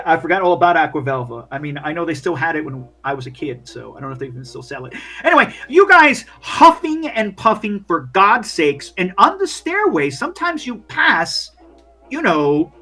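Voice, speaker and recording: A man's voice: high-pitched, sing-song, moderate pace, pushed and bright, faint music behind. A man running a tabletop game as game master, rambling with lots of fillers. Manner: rambling, many fillers, laughs often.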